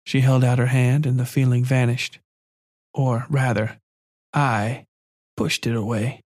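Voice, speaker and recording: A man narrating a first-person horror story in a measured, quiet, calm way. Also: medium pitch, no echo, studio quality.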